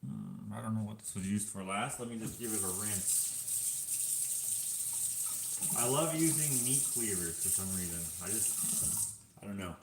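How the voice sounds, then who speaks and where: A fairly low-voiced male vlogger from Canada speaks at a moderate speed, rambling casually to his live chat. He's cooking at home, and kitchen clatter fills the recording.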